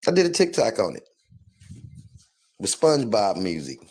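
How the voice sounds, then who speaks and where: Animated joking man in casual chat. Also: on the low side, normal speed, pauses often, husky. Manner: animated, joking, laughs often.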